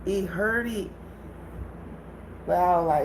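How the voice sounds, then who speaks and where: A woman hosts a casual livestream and tells her story right to her viewers. She is animated and laughs often, and her voice sits at a middle pitch. There is a faint hiss of noise behind her. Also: unhurried, rough recording. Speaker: livestream host.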